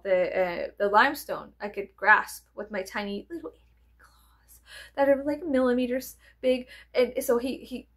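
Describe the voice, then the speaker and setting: A woman, telling rambling stories in a chatty, profane, animated way. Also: sits high. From American South. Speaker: vlogger. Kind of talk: rambling casual storytelling.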